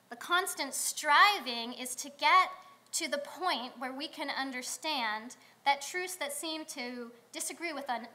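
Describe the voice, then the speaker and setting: A woman rabbi delivering a sermon in a synagogue, telling stories in a conversational way with pauses. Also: sits high, bright, forceful tone. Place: synagogue sanctuary.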